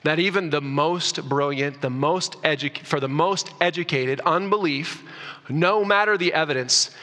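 Male pastor mid-sermon, higher pitched, bright edge, church hall echo, punchy emphatic delivery. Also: a little slow. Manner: animated preaching, rising loud for emphasis, self-correcting restarts. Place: church sanctuary. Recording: long reverb of a church hall.

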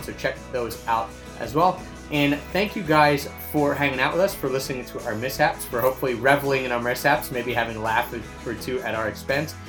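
Upbeat man co-hosting a travel podcast. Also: medium pitch. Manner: upbeat, reads sponsor plugs and sign-off. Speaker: podcast co-host. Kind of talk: casual travel podcast chat.

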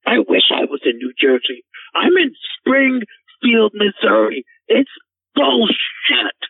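A man's voice: sits high, big pitch swings, slow pace, gravelly, slightly rough, no room sound, heavily acted. A man playing a frantic, cursing, tearful caller to a radio show, who rambles and stammers. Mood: ranting. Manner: swearing, rambling, stammering, breaking into sobs. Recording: tinny phone line.

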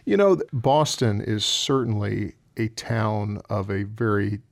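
A man's voice: on the low side, a little slow, creaky, no echo. A man from the American South, a crime novelist answering radio interview questions in a rambling, chatty way with many fillers.

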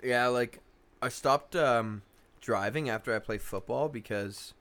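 Young male co-host, casual and rambling, full of filler and swearing, mid-pitched everyday voice. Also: a little slow, fairly bright tone. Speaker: podcast co-host. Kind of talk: casual chat.

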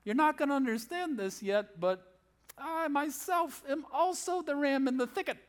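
A man's voice: very high voice, normal speed, pitched above the performer's own voice. A preacher voicing a sarcastic divine figure in a wry, theatrical tone, set against his sermon. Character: sarcastic divine male speaker.

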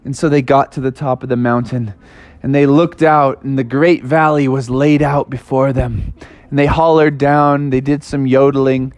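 A man's voice: medium pitch, fairly even intonation, moderate pace, a little mellow, no room sound. A man improvising a playful, dramatic story for children.

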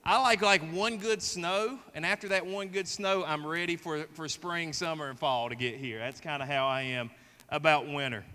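A Southern man delivers a sermon in a folksy, joking way, often asking the congregation questions. His voice is bright and a bit high. A long reverb from the church hall trails behind his words. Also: moderate pace. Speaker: pastor. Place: church sanctuary.

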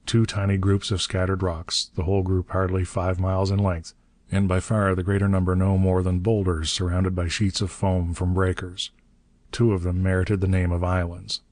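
A man narrating an adventure novel in a steady, measured audiobook reading. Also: sits low, no room sound.

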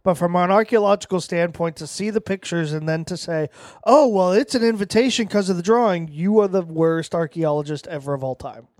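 Blunt man with a high voice. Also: fairly quick, no room sound, studio quality. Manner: blunt, exasperated critique with swearing. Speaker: podcast co-host. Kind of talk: casual movie review chat.

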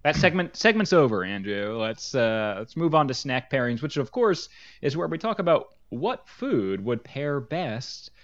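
A man's voice: medium pitch, sing-song, measured pace, a bit bright, no echo. A man co-hosting a board game podcast in casual chat, wry and teasing, often calling his co-host by name. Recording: slightly dull, dry lo-fi sound.

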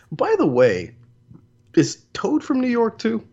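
Casual co-host, a man with a husky voice whose pitch swings wildly, on a dull lo-fi mic. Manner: laughing, animated, jokey impressions. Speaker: podcast co-host. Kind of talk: casual chat.

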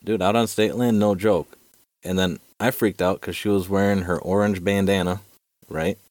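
Man, very low voice, dry close sound, casual profane storyteller, chatty podcast host. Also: moderate pace, no room sound. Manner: profane, animated storyteller, fillers like dude and right.

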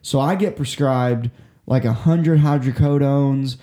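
A man's voice: medium pitch, a little slow, warm tone. Swearing young man spinning a rambling story. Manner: profane, rambling storytelling with many restarts. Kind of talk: casual chat. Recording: echoey room.

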